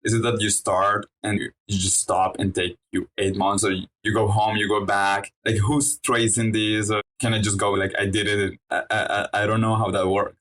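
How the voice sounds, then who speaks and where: A man's voice: on the low side, little pitch movement, normal speed, few pauses, fairly bright tone, poor audio. A man co-hosting a podcast, asking hesitant, stumbling questions. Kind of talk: interview questions.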